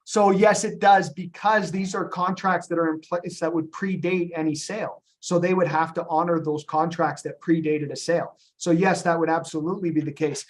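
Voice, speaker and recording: A man leading a business presentation on a group call, animated and storytelling, with frequent ums and retold dialogue. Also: on the high side, normal speed, hardly any pauses. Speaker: company founder presenting to agents on a call.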